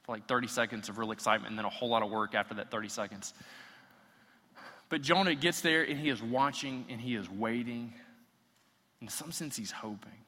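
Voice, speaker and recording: A man's voice: medium pitch, a little fast, bright, forceful tone, in a large hall. A man preaching a sermon, reading scripture aloud and acting out the quotes as his intensity builds. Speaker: pastor.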